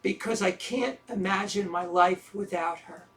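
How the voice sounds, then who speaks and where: A man's voice: high-pitched, unhurried, fairly bright tone. An actor in an audio drama playing a self-deprecating man who talks with dry, wry sarcasm. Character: self-deprecating sarcastic middle-aged man, troubled lover.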